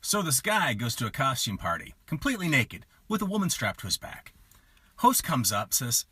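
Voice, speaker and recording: A man telling a string of short jokes, animated, jumping into higher voices for the punchlines. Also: moderate pace, breathy edge, dry recording. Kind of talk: joke telling.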